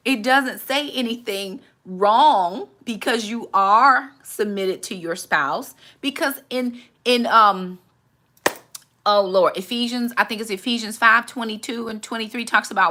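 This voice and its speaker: A woman, hosting a casual faith talk and switching into quick high voices to act out other people. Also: pushed and bright. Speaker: channel host, mother giving faith advice.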